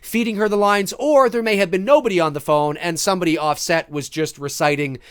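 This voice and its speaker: A podcast host with a fairly high, clear, resonant voice chats casually at a fairly quick pace, rambling along with lots of restarts and filler words. The sound is dry and clean, like a studio.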